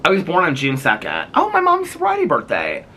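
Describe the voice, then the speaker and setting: A man's voice: fairly high pitch, huge pitch swings, a little fast, pushed and bright, a little hiss or hum. A man in his fifties chatting casually and rambling in a daily vlog, laughing often. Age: 50s. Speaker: vlogger. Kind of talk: casual chat.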